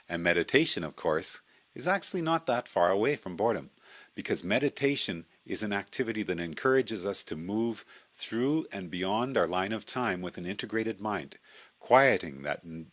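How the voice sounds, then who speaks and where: A man speaking in a deep, low voice, middle-aged, first chatting loosely with lots of hesitant fillers. He then settles into steady reading aloud from his own book for a video blog. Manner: hesitant with frequent uh fillers and restarts. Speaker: video blogger.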